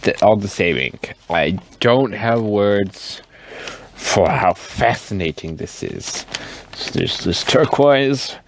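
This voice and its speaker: A tipsy man rambling casually in a show-and-tell vlog, swearing and wandering up and down in pitch. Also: animated, slow pace, vocal fry, slight background noise. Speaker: fountain pen vlogger.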